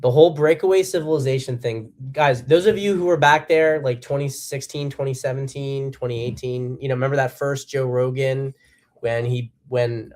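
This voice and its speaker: A man's voice: medium pitch, a little mellow. A man giving solo political commentary as host, blunt and profane, with emphatic bursts. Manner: acts out quotes in a harsh voice.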